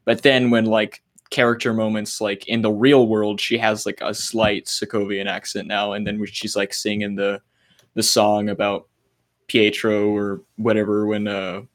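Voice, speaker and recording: A man's voice: on the low side, flat delivery, normal speed. Eager man in casual chat.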